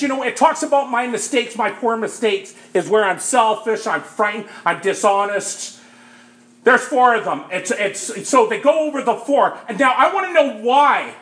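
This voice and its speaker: Man, very high voice, lively pitch swings, emphatic recovery testimony, echoey room. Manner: emphatic, asks "Right?" often, bursts louder at times. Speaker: speaker sharing his recovery story. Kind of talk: testimony talk to a group.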